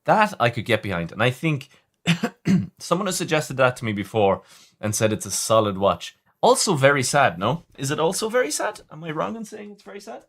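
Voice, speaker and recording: A man's voice: medium pitch, sing-song, normal speed, a bit bright. A man hosting a casual livestream, chatting with viewers in a rambling way, often stumbling and restarting. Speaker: livestream host reading chat.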